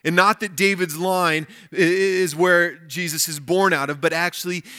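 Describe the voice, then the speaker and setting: A man's voice: high voice, fairly even intonation, moderate pace, bright, forceful tone, clean tone. A male pastor giving a weekend sermon, reading scripture aloud and commenting on it.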